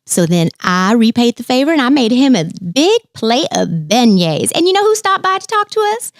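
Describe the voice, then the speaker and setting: A woman's voice: a little high, sing-song, normal speed, no room sound, clean studio sound, voice pushed up. A woman voicing a cheerful young princess cook in a sweet Southern accent, sing-song and lilting. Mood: sweet, chatty. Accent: Southern US, New Orleans.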